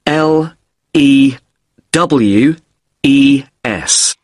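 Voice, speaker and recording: A man playing a polite hotel guest in a scripted exam dialogue, spelling out letters slowly and deliberately. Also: mid-range voice, no echo. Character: polite British man with broken wrist checking in.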